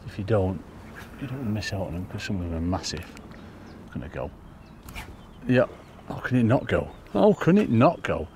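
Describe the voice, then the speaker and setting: A man giving excitable, casual commentary to viewers while fishing by a lake. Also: sits low, a little fast, long pauses, a little hiss or hum. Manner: chatty, excitable, talks to viewers as folks. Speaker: angler demonstrating fishing. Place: outdoors by a lake.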